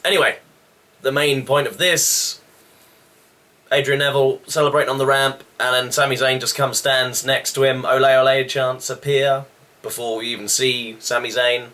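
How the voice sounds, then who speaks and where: A man casually reviewing a wrestling show, chatty and loose with sighs and quick asides. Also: mid-range voice, flat delivery, sharp tone.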